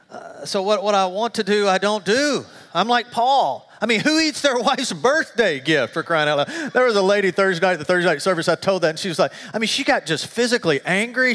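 A middle-aged male pastor preaches to a congregation, his voice sitting a little high and carrying a long reverb through the sanctuary. He tells stories with animated, self-deprecating humor, dropping quiet and low for confessional stretches. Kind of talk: sermon. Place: church sanctuary.

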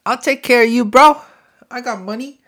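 Man doing a high, drawling bro-talking rap star. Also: normal speed, sharp tone. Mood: excited. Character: laid-back rich male rap star, bro-talking.

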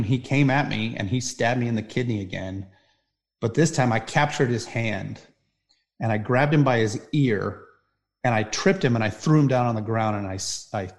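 A man, a podcast guest, telling a personal story in conversation, intense and vivid, swinging between loud bursts and hushed passages. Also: mid-range voice.

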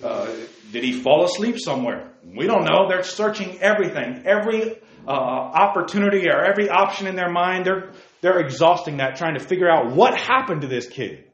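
A man with a somewhat high voice preaches to young people, firing rhetorical questions and calling listeners by name. He swings between loud exclamations and hushed asides. The recording is dull and roomy, with echo off the walls. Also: lively intonation, a little fast. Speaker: youth preacher. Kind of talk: sermon.

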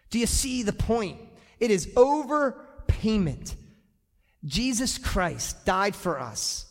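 A male pastor preaching an animated sermon to his congregation, often acting out the people in his stories. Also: high voice, slow pace. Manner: animated, acts out quoted voices, addresses the congregation directly. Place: church sanctuary. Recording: long church reverb.

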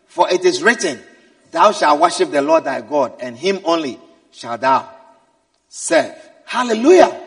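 A man preaching a sermon, swinging from quiet asides to shouted exhortations. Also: high voice, big pitch swings, moderate pace, slightly rough. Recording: echoey hall, mic at a distance.

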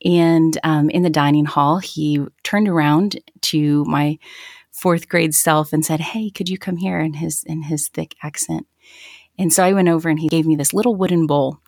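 A woman's voice: sits low, fairly even intonation, moderate pace, a little mellow, no room sound, clean studio sound. A woman in her thirties sharing a personal faith story in an interview, earnest and reflective, often restarting her sentences. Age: 30s. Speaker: guest.

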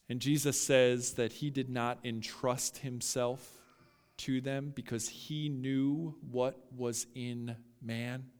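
A male pastor with a clean, mid-range voice preaches in a large hall. He speaks emphatically and directly to his listeners, building to loud peaks.

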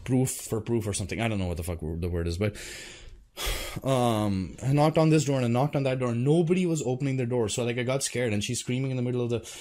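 A man's voice: mid-range voice, fast, warm tone. A man recounting a personal story to his audience in a casual vlog. He rambles, restarts his sentences and fills them with swearing and fillers as he goes. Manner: rambling, profane, full of fillers. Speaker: vlogger.

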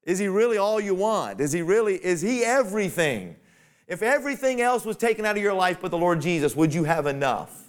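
A man's voice: sits high, expressive, fairly quick. A man preaching a sermon to fellow pastors in a folksy, conversational way that climbs to emphatic peaks.

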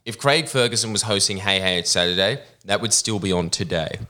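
A man co-hosting a podcast, telling stories in casual chat and slipping into quick put-on voices. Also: fairly low pitch. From Australia. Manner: animated storytelling with put-on voices. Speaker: podcast co-host.

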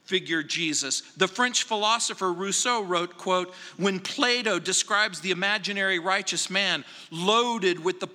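A man delivering a verse-by-verse sermon as a pastor, measured and emphatic, stressing phrases slowly. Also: high-pitched, pushed and bright, long reverb tail. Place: church sanctuary.

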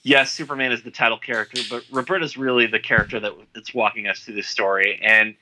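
A man co-hosting a podcast in casual chat, thoughtful and a little halting as he builds his points. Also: medium pitch, fairly even intonation, sharp tone, a little hiss or hum, low-quality recording. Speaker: podcast co-host.

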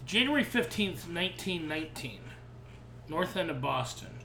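Man in his thirties with a bright, higher voice. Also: normal speed, slight background noise. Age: 30s. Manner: animated storyteller, swears freely. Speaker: podcast co-host. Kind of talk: casual chat. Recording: roomy echo.

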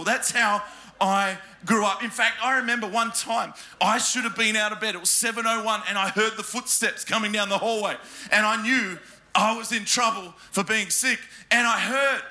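A man telling funny stories about his upbringing to a live audience, animated and laughing as he goes, with sound effects thrown in. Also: sits high, moderate pace. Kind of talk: comic storytelling to a live crowd.

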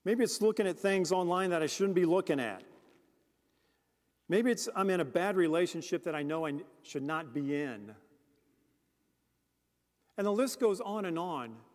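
Earnest deacon in an echoing church. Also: male voice, high voice, animated, moderate pace, pauses often, darkish tone. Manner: earnest, direct questions to the congregation. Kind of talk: sermon. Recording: long church reverb.

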